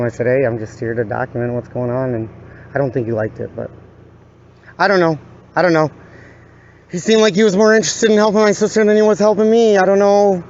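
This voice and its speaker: A father talking into his phone outdoors by parked cars, halting and repeating his phrases in a subdued way. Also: on the high side, a little mellow, highs cut off, slight background noise. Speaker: father filming a police encounter. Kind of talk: casual handheld vlog.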